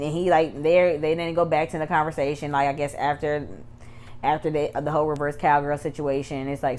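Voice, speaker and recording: A woman with a notably low voice gives a casual recap and review of a TV episode. She rambles, circles back, and lets her commentary turn heated. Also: brisk, slight background noise. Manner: chatty, rambling asides, grows heated. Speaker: YouTube TV reviewer.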